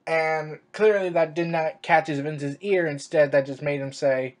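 A man's voice: on the high side, fairly even intonation, a little slow, hardly any pauses. A man ranting sarcastically to camera in a vlog, crude and full of stammered restarts. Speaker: wrestling commentary vlogger. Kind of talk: opinion rant to camera.

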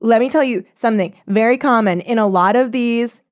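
A woman co-hosting a podcast in casual chat, animated and rambling, laughing and driving her points home. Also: fairly high pitch, a little fast. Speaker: podcast co-host.

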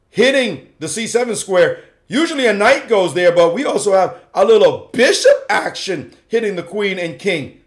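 A male chess grandmaster breaks down a game with playful, slangy commentary, his voice swinging up and down with lively energy. He sits a touch above the usual male pitch. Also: normal speed, hardly any pauses. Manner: playful, slangy, acts out the players' thoughts.

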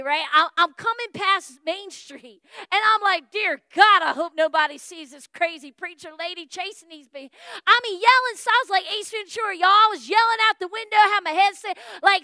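High-pitched animated woman pastor. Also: normal speed, no room sound, studio quality. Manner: animated, folksy storytelling with acted-out dialogue. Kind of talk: storytelling sermon. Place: church.

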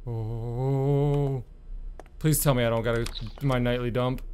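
A man's voice: mid-range voice, fairly even intonation, measured pace, a little mellow, a little hiss or hum. A young man commenting on a horror game he is playing, nervous and jumpy, swearing and joking to himself. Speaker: gaming YouTuber.

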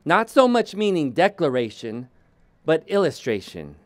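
A man preaching a sermon as pastor, slow and deliberate, often restarting his sentences. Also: on the high side, very animated, no echo.

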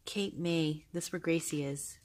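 Woman vlogger, low voice, gushing casual chat, soft-spoken. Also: steady tone, measured pace. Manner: gushing, soft-spoken, with frequent fillers and laughs. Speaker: vlogger showing a journal. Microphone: handheld camera held close.

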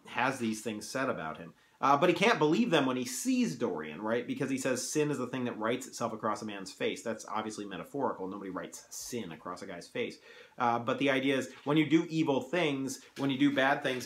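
A man's voice: mid-range voice, a bit bright. A man reading a novel aloud and breaking off to analyze it in a loose, conversational way. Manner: conversational, many fillers and restarts. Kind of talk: casual literary analysis. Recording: roomy echo.

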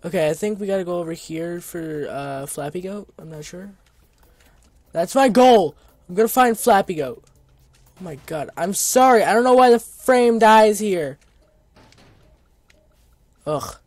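A man doing let's play commentary, excitable and often yelling at the game. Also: high-pitched, normal speed, long pauses, no room sound. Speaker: gaming video creator.

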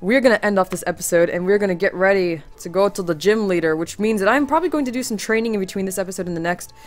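Hosting a casual let's-play for her gaming channel, a young woman talks very fast in a mid-range voice, sarcastic and swearing a lot, sounding tired and strained. Faint game music plays behind her.

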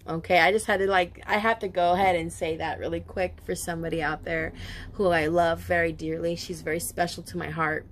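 A woman's voice: fairly low pitch, steady tone, moderate pace, slight background noise. A woman giving a casual spoken tarot reading, emotional and chatty, with many asides and some casual swearing. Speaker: tarot reader.

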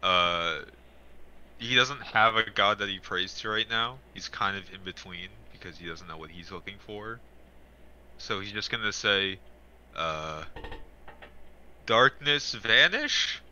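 A man's voice: deep voice, normal speed, bright, forceful tone, dull audio, a little hiss or hum. A young man playing a tabletop game, hesitant, speaking about his character in third person. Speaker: player. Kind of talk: casual tabletop game chat.

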